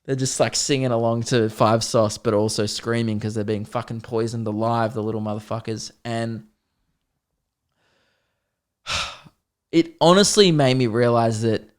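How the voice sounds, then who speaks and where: Young male podcast host, middle-pitched voice, animated, sweary, self-mocking comic storytelling. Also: a little slow, pauses often.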